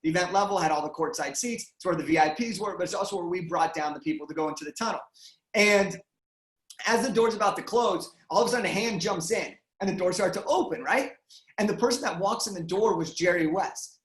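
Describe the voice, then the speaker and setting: A young man tells a story at a quick clip and brings energy to every line. He acts out the quotes as he goes. His voice comes through a video call from an echoey room. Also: sits high. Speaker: guest speaker. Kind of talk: storytelling interview answer.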